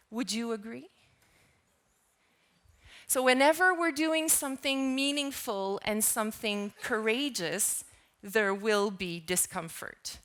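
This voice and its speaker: Slow, measured woman giving a keynote. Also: mid-range voice, fairly bright tone. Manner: asks the audience questions. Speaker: keynote speaker. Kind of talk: conference keynote talk.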